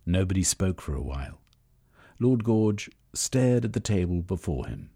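A man reading a story aloud as narrator, in measured storytelling. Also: deep voice, warm tone, husky. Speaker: audiobook narrator. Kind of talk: scripted narration.

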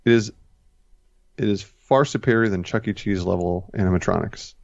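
A man's voice: fairly low pitch, normal speed, vocal fry, no room sound. A man co-hosting a casual chat, rambling and correcting himself as he retells scenes. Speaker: podcast co-host. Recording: dull, lo-fi dry recording.

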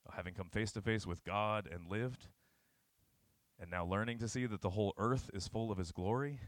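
A young man giving an informal, earnest sermon that retells scripture. He swings between sudden shouted bursts and low, quiet passages. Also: normal speed, no room sound.

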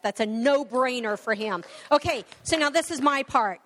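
A woman's voice: on the high side, fairly quick, hardly any pauses, fairly bright tone. A woman pastor preaching a sermon and leading prayer, emphatic and conversational. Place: church sanctuary. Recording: long hall reverb.

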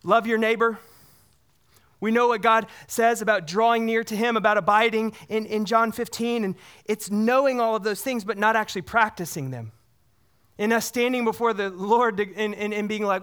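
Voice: mid-range voice, normal speed, a bit bright, clear, resonant tone. An earnest pastor delivers a sermon in a mid-range voice. The preacher keeps asking the congregation questions and repeats words for emphasis.

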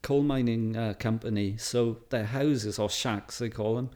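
A middle-aged Welsh man talks at an easy, storytelling pace. He fills his sentences with ums and little laughs and sounds relaxed and conversational. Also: mid-range voice, measured pace. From Wales. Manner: chatty, anecdotal, laughs often, many fillers. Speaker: photographer guest. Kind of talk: casual interview chat.

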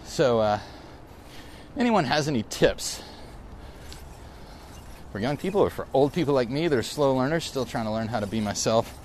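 A man's voice: medium pitch, expressive, normal speed, pauses often. Middle-aged male podcast host, mid-range voice, musing aloud outdoors with light traffic noise around him. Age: 40s. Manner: rambling, reflective and self-correcting. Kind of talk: casual solo podcast monologue. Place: outdoors on a bike ride through a park.

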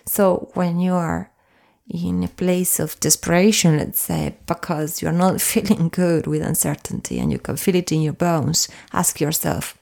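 Slow, gravelly-voiced woman podcast host. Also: fairly low pitch, lively intonation. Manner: soft and soothing, drops into whispers at times. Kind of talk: slow, gentle self-help podcast talk.

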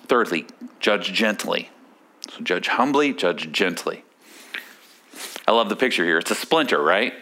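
A man preaching a sermon in a conversational way, often asking the listeners questions and dropping soft on key words. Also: lowish voice. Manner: conversational, asks the listeners questions with frequent "right?". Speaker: pastor.

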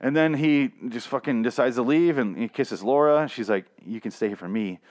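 A man's voice: mid-range voice, moderate pace, a little mellow. A man casually recapping a comic series, rambling and swearing, with lots of restarts and fillers. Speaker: comic reviewer.

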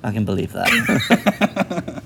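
A man's voice: medium pitch, wildly swooping pitch, extremely slow, gravelly, very noisy. A man co-hosting a casual film podcast, making dry, wry quips. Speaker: podcast co-host.

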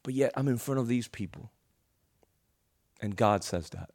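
A male preacher telling a story in a sermon, animated and emotional, often restarting his words. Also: mid-range voice, moderate pace.

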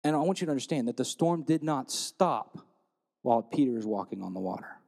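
A man preaching a sermon, telling stories and retelling scripture in a lively storytelling way. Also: medium pitch, a little fast, gravelly, in a large hall. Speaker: pastor.

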